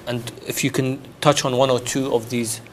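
A male host with a mid-range voice leads a religious talk show, framing questions in a measured, unhurried way. He pauses with a few hesitant fillers, and faint noise sits under his voice. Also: mid-range voice, flat delivery.

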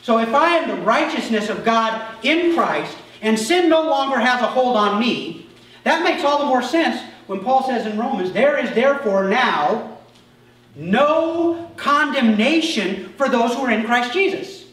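High-voiced, slow-preaching male pastor, emphatic, distant mic in a very echoey church. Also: expressive. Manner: emphatic, drops to soft asides then rises sharply. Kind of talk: sermon. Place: church sanctuary. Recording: echoey church hall from far off.

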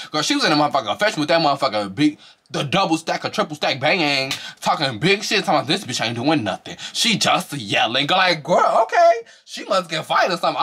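Fast bright-voiced man ranting about reality TV. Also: slightly rough. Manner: animated, fast slangy talk, acts out quotes in a high voice. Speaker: reality show reviewer. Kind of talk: casual profane commentary.

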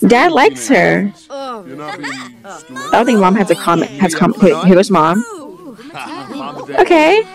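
A woman's voice: mid-range voice, expressive, unhurried, creaky, long pauses, crowd noise. A young woman giving casual, chatty commentary on a life-simulation game, exclaiming often and voicing what the characters think. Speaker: gameplay vlogger.

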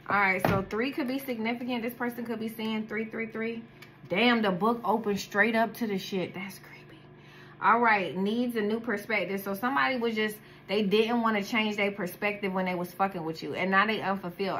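A woman's voice: medium pitch, steady tone, brisk, a bit bright, a little hiss or hum. A woman with a daughter doing a casual tarot reading, talking bluntly with heavy slang and profanity. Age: adult, has a daughter. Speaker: tarot card reader.

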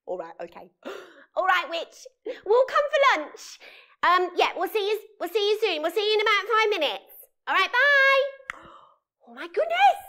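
A woman's voice: extremely high pitch, huge pitch swings, moderate pace, a bit bright. Wide-eyed woman telling a kids' story. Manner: wide-eyed, theatrical, full of gasps and exclamations. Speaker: children's yoga storyteller. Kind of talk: interactive children's story session.

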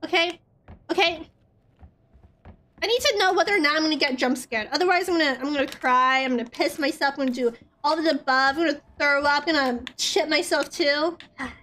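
Rambling, jumpy high-voiced woman streamer. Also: fast talker, few pauses, pushed and bright. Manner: rambling, nervous, swears often, frequent "like". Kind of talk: casual gameplay commentary.

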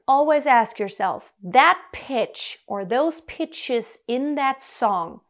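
A woman from Germany, a vocal coach, explaining singing technique in a clear, deliberate way to camera. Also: on the high side.

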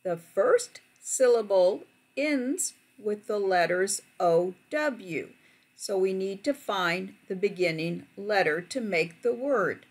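A woman narrating a phonics lesson for teachers, speaking slowly and carefully as she walks through each word. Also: medium pitch, lively intonation. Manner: slow, careful, deliberate word-by-word delivery.

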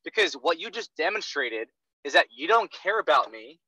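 A man's voice: a little high, very animated, moderate pace, pushed and bright, slightly rough, no echo. A man coaching a salesperson over an online call, blunt, profane and intense, with dull, dry call audio. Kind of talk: blunt coaching role-play session.

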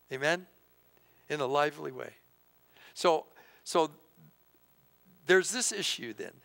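A male pastor preaching a sermon to his congregation, animated and full of rhetorical questions. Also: mid-range voice, rough recording. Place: church sanctuary.

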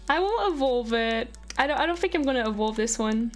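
Woman, high voice, excitable game streamer, gushing, faint music behind. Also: brisk. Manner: gushing, excitable, talks to chat viewers. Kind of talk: live game stream commentary.

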